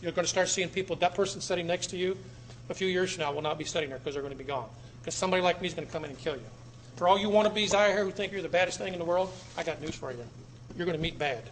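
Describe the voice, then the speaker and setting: With slight background noise, a man addresses a live audience in a room, his public talk emphatic and full of repeated words, swinging from loud to low.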